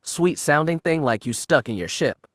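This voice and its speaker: A man's voice: on the high side, lively intonation, moderate pace, a bit bright, dry recording, clean studio sound. A man voicing a sleazy male traffic controller who talks in a thick oozing drawl, breathing heavily. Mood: leering.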